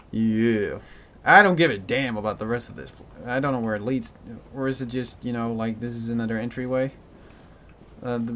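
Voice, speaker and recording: A man giving a commented game playthrough, with a mix of American and British in his accent, swinging from panicked shouts to dry muttering. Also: mid-range voice, a little hiss or hum. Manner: excitable, yelps and shouts in panic, then mutters dryly. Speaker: gaming commentator.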